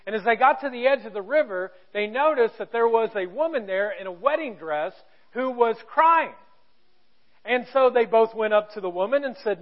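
A male pastor preaching a sermon to his church, telling a story with emphasis and sudden drops to a hush. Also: very high voice, expressive, normal speed, lo-fi sound. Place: church auditorium.

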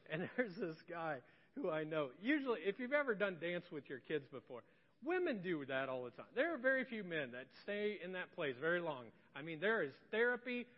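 A male pastor in his thirties preaching a sermon. He swings from hushed confessional tones to loud, indignant outbursts. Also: on the high side. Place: church sanctuary. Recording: echoey hall, slightly dull.

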